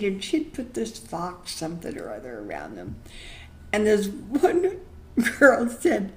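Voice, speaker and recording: Brief: older woman, memoir storyteller, unhurried, affectionate and chatty. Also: mid-range voice, big pitch swings. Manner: chatty, affectionate, laughs often.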